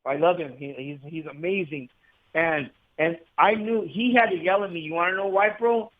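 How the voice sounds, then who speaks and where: A man's voice: on the high side, moderate pace. A man in his forties from Southern California, a guest telling his story intensely and repeating himself, on a remote call line. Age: 40s. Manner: intense, repetitive, calls the host bro. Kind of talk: casual storytelling conversation. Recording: tinny phone-like call line.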